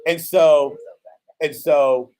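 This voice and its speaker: A man's voice: a little high, extremely slow. A man in his fifties hosting a casual show, telling a story with acted-out quotes and frequent "right?" checks. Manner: animated storyteller, acts out quotes, says "right?" often. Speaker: host.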